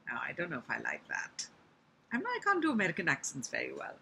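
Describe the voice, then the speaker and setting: A woman teaching children how to recite a poem, explaining gently step by step. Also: deep voice, wildly swooping pitch, fast, creaky, a little hiss or hum. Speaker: elocution teacher.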